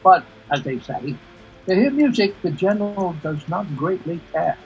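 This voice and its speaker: A man's voice: sits high, big pitch swings, moderate pace, creaky, soft background music, full character voice. A man voicing a cheeky male clown in a put-on British accent, playful and punning, for an amateur play read over a video call. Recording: dull lo-fi video call audio.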